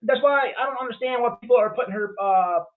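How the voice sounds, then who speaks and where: A man's voice: extremely high pitch, fast. A man hosting a casual livestream, rambling bluntly and with profanity as he reacts to chat, full of fillers and restarts. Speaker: livestream host. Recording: tinny phone-like sound.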